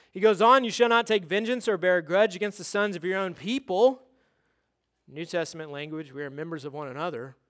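A man delivers a sermon in a rather high voice. He presses his points with emphatic urgency, then drops to quiet, low asides. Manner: emphatic preaching that swings from loud urging to quiet, low asides. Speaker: pastor.

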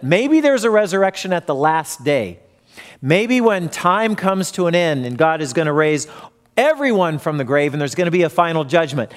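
High-voiced preacher telling a story. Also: male voice, clean tone. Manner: storytelling, acts out quoted voices. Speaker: pastor. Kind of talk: sermon.

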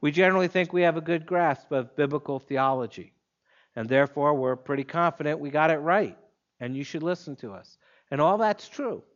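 A man's voice: fairly high pitch, brisk, muffled recording. Emphatic man preaching a sermon. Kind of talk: expository sermon.

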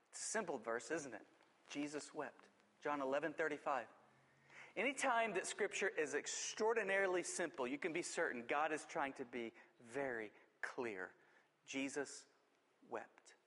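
A man preaches from the pulpit in a somewhat high voice. He presses hard on some phrases and sinks to quiet, slowed words on others. His voice carries a long reverb from a large hall. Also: sing-song. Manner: swings between urgent emphasis and hushed, drawn-out delivery. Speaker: pastor. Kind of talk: sermon.

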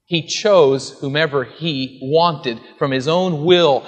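Preaching an expository sermon, a pastor speaks slowly with few pauses in a voice on the high side. He teaches earnestly, asking his listeners rhetorical questions before answering them, and the recording carries long hall reverb.

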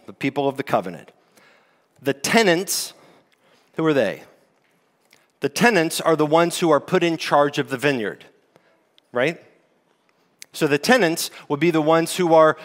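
Guy pastor preaching, chatty teaching tone, asks the room questions, kinda high voice, big echoey church. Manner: conversational teaching with rhetorical questions. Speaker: lead pastor. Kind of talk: expository sermon. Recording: long hall reverb.

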